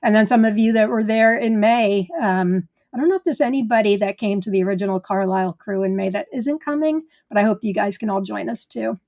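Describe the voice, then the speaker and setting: A woman's voice: mid-range voice, fairly quick, few pauses, a little mellow. A woman hosting a live gardening stream in casual chat, greeting viewers by name in a chatty way.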